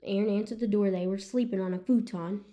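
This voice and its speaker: A woman speaks as a podcast guest, sharing a hard personal testimony. Her delivery is earnest and animated, and her voice sits at an ordinary middle pitch. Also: fast talker. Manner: earnest and animated, with frequent "you know what I'm saying". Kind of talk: emotional personal storytelling.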